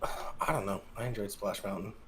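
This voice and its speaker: A man's voice: fairly low pitch, fairly even intonation, moderate pace, noisy background. A man co-hosting a podcast, chatting in a laid-back, agreeable way and sharing bits of trivia. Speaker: podcast co-host. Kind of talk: casual chat.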